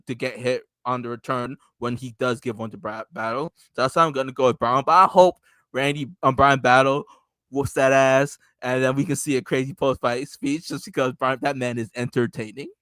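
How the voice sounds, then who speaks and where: A man co-hosting a casual sports podcast, animated and laughing, breaking his points into short bursts. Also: mid-range voice, a little fast, dry recording. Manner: animated, laughing, acts out quotes. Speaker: podcast co-host.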